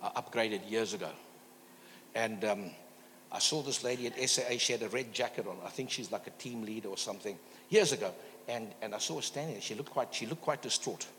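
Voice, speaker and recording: A man's voice: on the low side, fairly quick, fairly bright tone. A man preaches in a church, telling stories and calling out for amens. His voice rings with a long hall reverb, and a faint hum sits underneath. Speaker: guest preacher. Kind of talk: sermon.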